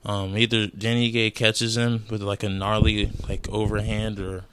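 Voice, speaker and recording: A man's voice: on the low side, level tone, a little slow, background noise. A young man giving casual, heated, profane commentary on fight news, rambling with fillers and frequent outbursts. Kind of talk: casual chat.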